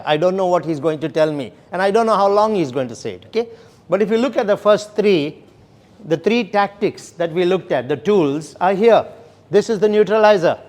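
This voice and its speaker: A man's voice: high-pitched, a little mellow. A man leading a sales training session, explaining steps and often checking in with "okay?" and "right?". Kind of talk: classroom training lecture.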